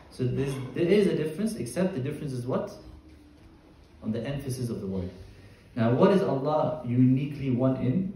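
A male teacher leads a Quran tafsir lesson. He explains each word step by step and keeps quizzing his class. His mellow voice is picked up from across a strongly echoing room. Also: mid-range voice, recorded from a distance. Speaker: Islamic teacher. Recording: echoey room, voice from afar.

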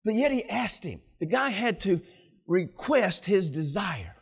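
A male pastor preaching a sermon, telling stories with animated delivery and acting out scenes, often repeating words. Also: high voice, measured pace, breathy edge.

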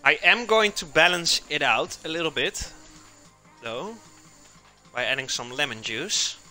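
A man's voice: on the high side, animated, unhurried, sharp tone, faint music behind. A man hosting a live cooking stream, chatting casually with viewers and answering chat while he cooks in a home kitchen.

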